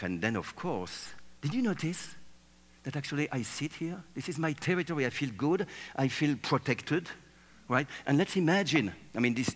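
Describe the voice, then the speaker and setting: Animated man telling stories in a hall. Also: lowish voice. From France. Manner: animated, playful, acts out scenes and voices. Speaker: speaker giving a talk. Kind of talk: theatrical storytelling talk. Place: stage, seated at a table.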